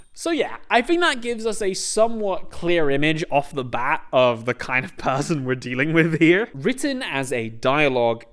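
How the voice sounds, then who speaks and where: A man's voice: a little high, fairly bright tone, clean tone. A young man hosting a comedic video essay, sarcastic and sweary, breaking into rants.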